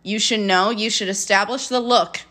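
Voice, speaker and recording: A woman's voice: medium pitch, steady tone, normal speed, sharp tone. A young woman from the American Midwest co-hosting a casual chat, telling stories with lots of giggles and acted-out quotes. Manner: giggly storytelling, acts out quotes. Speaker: podcast co-host.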